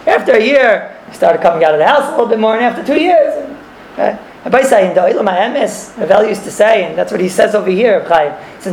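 A man's voice: high-pitched, animated, fast talker, vocal fry, a little hiss or hum. A man teaching a religious class, explaining a text and telling stories, mixing in Hebrew and Yiddish terms and repeating phrases. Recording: echoey room.

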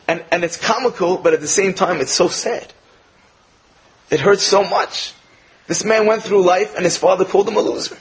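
A man giving an earnest inspirational talk, telling parables in an animated storytelling manner. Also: sits high, moderate pace, low-quality recording. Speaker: speaker.

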